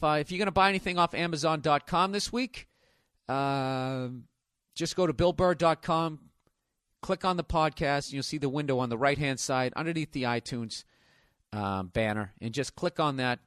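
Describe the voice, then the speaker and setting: A man's voice: a little high, no echo, clean studio sound. A man in his forties with a Boston accent, hosting a podcast and riffing profanely through ad reads with a sarcastic, ranting manner. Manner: profane, ranting, sarcastic, with sudden loud exclaims. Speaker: podcast host. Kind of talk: casual comedic podcast monologue, live ad read.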